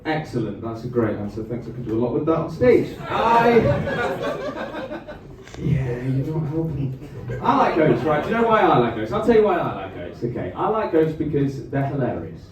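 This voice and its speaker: A man's voice: on the high side, wildly swooping pitch. A man doing a stand-up comedy set on a club stage, chatting with the crowd between jokes. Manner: chatty crowd work, quick asides to the audience. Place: comedy club stage before a live audience. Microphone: handheld stage microphone. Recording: far-off echoey club recording with noise.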